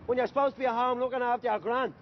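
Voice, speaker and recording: A man's voice: extremely high pitch, fairly even intonation, rapid-fire, dull audio, a little hiss or hum. An actor playing a swaggering young male gang leader who swears freely and bosses his friends around. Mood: cocky. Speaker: gang member.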